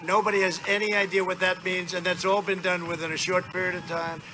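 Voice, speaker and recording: High-voiced man giving a rambling rally speech. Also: little pitch movement, fast talker, bright, forceful tone. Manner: rambling, boastful, repetitive. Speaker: politician addressing a rally. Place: outdoor rally. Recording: noisy outdoor rally recording.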